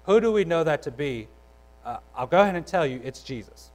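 A man's voice: on the high side, expressive, fast talker, rough recording. A young adult man preaching a sermon in a conversational, storytelling way, with frequent restarts. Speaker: pastor.

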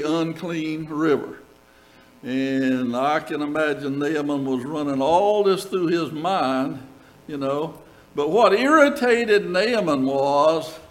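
A man's voice: a little high, poor audio. An older man, a pastor preaching a sermon, reading scripture and telling stories with asides to the congregation. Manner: storytelling, reads scripture aloud with asides to the congregation.

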